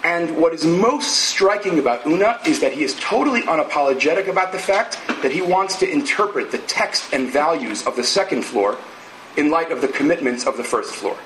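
Measured male lecturer in an echoey room. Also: on the high side, lively intonation, fairly bright tone, a little hiss or hum. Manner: measured, explanatory, thinks aloud with asides and tag questions. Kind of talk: academic lecture.

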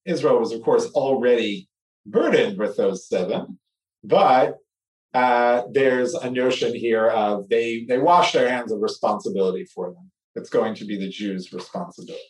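A man teaching a text study lecture, animated and acting out the story, checking in with his listeners. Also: medium pitch, moderate pace, far from the mic. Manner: animated, acts out the story, asks "right?" often. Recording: roomy echo, speaker away from mic.

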